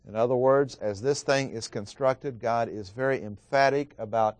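A male Bible teacher lectures in a measured, emphatic way, leaning on key words as he reads passages aloud. His voice sits at an ordinary middle pitch and is recorded close and dry, with no room sound. Small "uh" fillers break up his explanations. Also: a little mellow, no room sound. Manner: frequent "uh" fillers.

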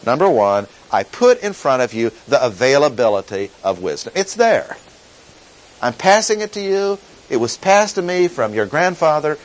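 Man teaching scripture, lively pitch. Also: rough recording. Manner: deliberate, emphatic repetition. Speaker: pastor teaching. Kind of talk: expository Bible teaching.

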